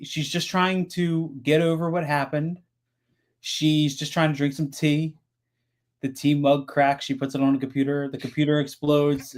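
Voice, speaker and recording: A man in casual podcast chat, telling stories in an animated way with many restarts. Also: on the high side. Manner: animated storyteller, trails off and restarts. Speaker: podcast co-host.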